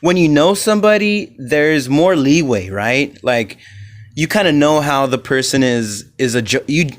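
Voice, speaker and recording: A man's voice: a little high, lively intonation, a little slow. A man hosting his own comedy podcast alone, telling stories casually in a loose, profane, rambling way and acting out the voices of the people he quotes. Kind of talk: casual solo podcast chat.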